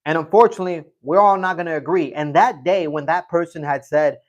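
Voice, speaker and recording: A man's voice: on the high side, fairly quick, dull audio. A middle-aged man hosting a casual livestream, reading chat and telling a rambling story, often repeating himself.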